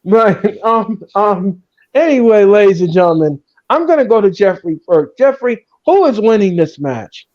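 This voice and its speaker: A man's voice: high voice, lively intonation, normal speed, darkish tone, highs cut off. A man hosting a casual wrestling chat, ranting with emphatic repetition. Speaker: podcast host.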